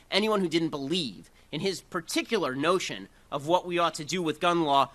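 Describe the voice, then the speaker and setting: A man delivers a political speech in a combative, rapid-fire way, dropping sarcastic asides. His voice is fairly high and sharply bright, with a forceful edge. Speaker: public speaker.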